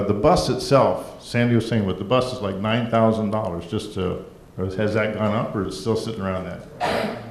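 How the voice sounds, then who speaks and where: A man gives folksy, rambling council meeting remarks as mayor. His voice sits a little low. The echoey chamber carries a faint rumble behind him. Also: creaky, a little mellow. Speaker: mayor presenting a proclamation.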